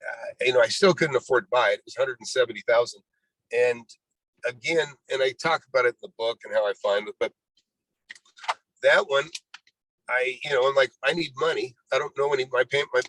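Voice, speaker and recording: A man's voice: mid-range voice, a bit bright, no room sound, low-quality recording. A man in his sixties, a real estate investor guest, telling his life story in a rambling way, often saying "you know" and acting out what people said. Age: 60s. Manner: rambling, full of "you know", acts out quoted dialogue. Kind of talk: storytelling interview.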